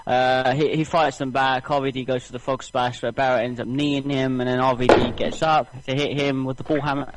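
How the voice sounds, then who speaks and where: A man's voice: medium pitch, little pitch movement, a little fast, few pauses, no room sound, low-quality recording. A tired, slightly ill man recapping wrestling on a casual podcast, rambling with many fillers and restarts. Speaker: podcast co-host.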